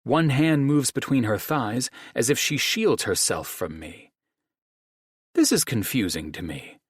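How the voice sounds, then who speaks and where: A man narrating as a brooding, husky dragon. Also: mid-range voice, very animated, no room sound, clean studio sound. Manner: grave, measured, formal phrasing. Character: brooding male dragon, huge and possessive. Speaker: audiobook narrator. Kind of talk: first-person audiobook narration.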